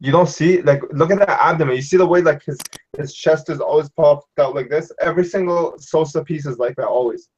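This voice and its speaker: A man's voice: on the high side, brisk, a little mellow, breathy edge. A man on a collectors' panel, talking in a rambling way and often asking "you know what I mean". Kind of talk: casual panel chat. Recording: dull lo-fi sound.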